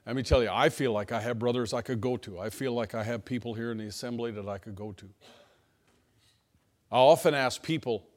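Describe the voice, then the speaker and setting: A pastor preaching a sermon to his church, telling personal stories in a folksy manner that swings between hushed asides and emphatic lines. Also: mid-range voice, fairly quick. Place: church sanctuary.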